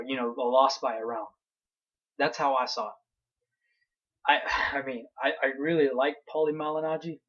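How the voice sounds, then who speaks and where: A man's voice: medium pitch, dull audio. A young man ranting heatedly through a fight recap, blunt and profane. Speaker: vlogger.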